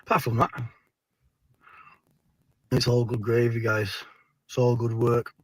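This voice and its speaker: A man's voice: mid-range voice, little pitch movement, unhurried, no room sound, poor audio. A man speaking in a clip, boastful and rambling, thanking viewers and swearing when heated.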